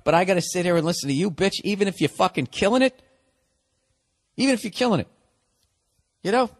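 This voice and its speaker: A man's voice: sits high, lively intonation, fairly quick, no echo, studio quality. A man in his forties hosting a solo podcast, ranting with profane sarcasm. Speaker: podcast host.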